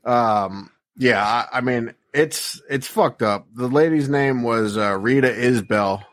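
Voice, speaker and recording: A male podcast co-host who talks in a relaxed, halting way, often pausing on fillers. His voice sits at an ordinary pitch and sounds dry and close on the mic. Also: no echo. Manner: laid-back, hesitant, many fillers. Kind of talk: casual podcast banter.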